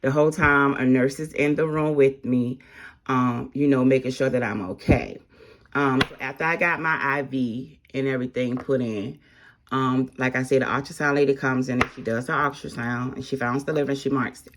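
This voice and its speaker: A woman's voice: extremely low pitch, fairly even intonation, moderate pace, background noise. A woman telling her own story in a candid, blunt, casual way, full of slang and exasperated asides. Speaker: vlogger.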